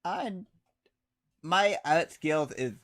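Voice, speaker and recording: A man running a tabletop game as game master, describing scenes in a plain, unhurried way. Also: fairly high pitch, lively intonation, fairly bright tone.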